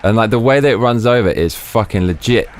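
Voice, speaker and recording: A man streaming a video game, talking excitedly, swearing a lot and restarting his sentences. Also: fairly low pitch, a little fast, slight background noise. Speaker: gaming streamer. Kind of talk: let's play commentary.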